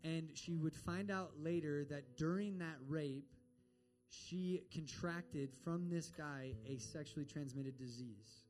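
A man's voice: on the high side, slow pace, a little mellow, soft background music. A man preaching a sermon and telling a story in an earnest way, acting out the voices of the people in it. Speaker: pastor.

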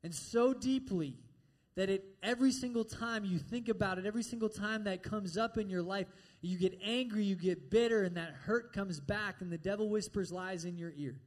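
High-voiced conversational preacher. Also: male voice, moderate pace. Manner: direct, conversational, checks in with "all right?". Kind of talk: sermon.

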